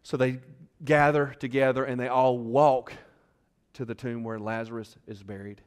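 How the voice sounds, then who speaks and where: A male pastor in the middle of a sermon, telling the story like he is right there in it. He talks to the congregation directly, tosses them questions, and lets his volume swing from near hush to full-voiced bursts. His pitch sits in the middle of the male range. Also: little pitch movement, normal speed, clean tone. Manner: dramatic storytelling, swings between loud and hushed; conversational, asks the crowd questions.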